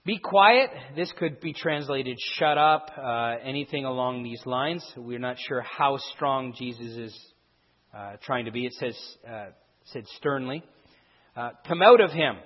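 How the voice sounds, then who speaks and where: A man's voice: medium pitch, steady tone, measured pace. A man explaining a Bible passage verse by verse, with restarts and emphatic stresses. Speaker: Bible teacher. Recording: dull sound with a long hall echo.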